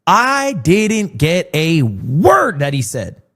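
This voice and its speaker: Animated high-voiced young man. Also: slow. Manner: animated storytelling with mock quotes. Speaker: streamer. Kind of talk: casual chat.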